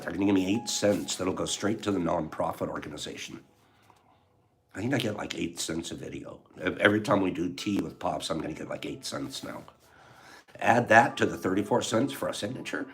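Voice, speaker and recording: An older man hosts a casual livestream in a low voice that swings widely in pitch. He is heartfelt and emotional, laughing often and rambling warmly to his audience. Faint music plays behind him. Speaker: livestream host. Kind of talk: casual livestream chat to viewers.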